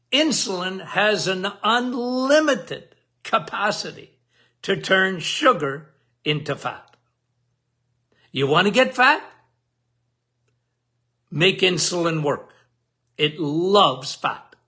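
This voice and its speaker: A man's voice: high-pitched, sharp tone. A man hosting a health podcast, explaining in an emphatic, repetitive way and asking the listener questions.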